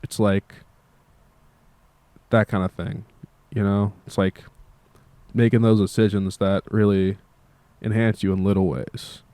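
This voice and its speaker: A man's voice: on the low side, level tone, measured pace, pauses often, warm tone, clean tone, no echo. A tired young man who makes music, talking in a meandering casual monologue and swearing freely. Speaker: musician vlogger.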